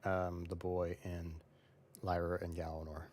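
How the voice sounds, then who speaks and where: A man narrating as game master of a tabletop game, unhurried and often pausing with hesitations. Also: deep voice, completely flat delivery, darkish tone, no echo.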